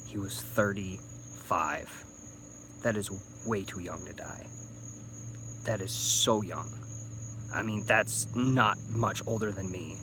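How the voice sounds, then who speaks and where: A man's voice: on the low side, takes it slowly, pauses often, noisy background. A thirty-year-old man, a little drunk, rambling through a casual vlog rant with stumbling restarts and swearing, recorded on a phone. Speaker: YouTuber.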